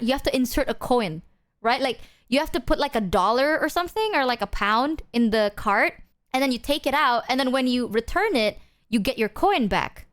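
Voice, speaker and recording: High-pitched, animated woman streamer. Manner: animated, rambling, swears often, laughs a lot. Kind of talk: casual chat.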